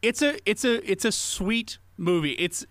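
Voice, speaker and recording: Halting man hosting a quiz game. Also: high voice, lively intonation, fairly bright tone. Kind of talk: casual game show chat.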